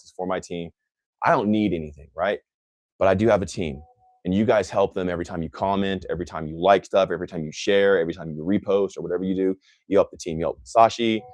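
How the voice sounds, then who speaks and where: A man's voice: low-pitched, a little mellow, dry recording. A man hosting a motivational livestream, speaking intensely and emphatically, often repeating phrases for effect. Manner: scornful toward critics. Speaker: host answering live comments.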